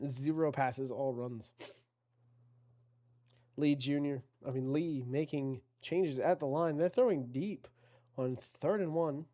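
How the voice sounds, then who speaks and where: A man speaks slowly in a dark, medium-pitched voice, pausing often, as he gives casual play-by-play of an online video game football league. He's chatty and self-correcting, talks to his chat, and his voice lifts on big plays.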